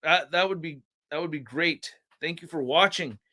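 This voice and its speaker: A man's voice: fairly high pitch, normal speed, bright, forceful tone. A young man hosting a livestream, chatting casually in a laid-back, slangy way and telling stories to his chat. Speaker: livestream host.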